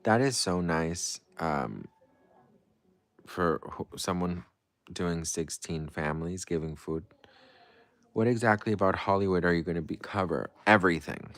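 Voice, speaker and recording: A man with a low, fairly bright voice talks a little slowly as he hosts a livestream, with no room sound. He reads viewers' comments and answers them with playful, dramatic flair, sometimes breezy and sometimes gushing.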